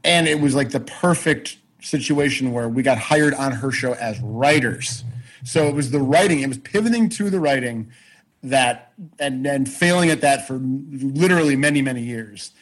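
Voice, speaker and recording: A man telling a personal career story in casual chat on a podcast, animated, swearing freely and often restarting his sentences. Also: mid-range voice, normal speed, poor audio. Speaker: podcast guest.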